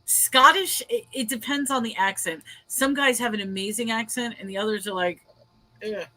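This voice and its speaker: A woman's voice: a little high, moderate pace, bright, forceful tone, dry recording. A woman hosting a casual livestream chat, rambling and laughing often as she reads viewer comments aloud. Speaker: host.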